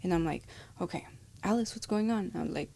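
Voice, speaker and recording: Woman, podcast guest; casual chat, animated storyteller who acts out quoted lines. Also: lowish voice, brisk, creaky, husky.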